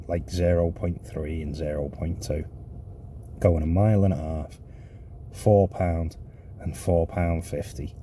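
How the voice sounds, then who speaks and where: A man from the UK, a rideshare driver telling stories from his shifts in a casual, chatty vlog. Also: low voice. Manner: chatty, animated storytelling with colloquial slang. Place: inside a car. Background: vehicle noise.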